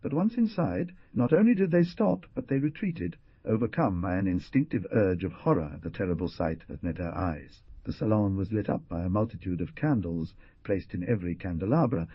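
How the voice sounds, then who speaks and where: A man's voice: low-pitched, expressive, brisk, hardly any pauses, breathy edge, no room sound, lo-fi sound. A man narrating an adventure audiobook with dramatic rises and falls. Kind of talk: scripted narration.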